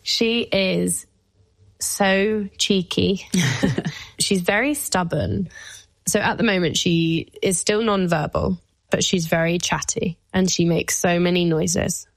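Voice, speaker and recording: Candid woman, low and dry. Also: no echo. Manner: open and emotional, speaking with many "like" fillers. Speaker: guest. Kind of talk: candid personal conversation.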